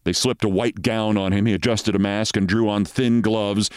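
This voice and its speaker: A man hosting a show, reading a short story aloud in measured, dramatic narration. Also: low voice, steady tone, clean tone, no room sound, studio quality.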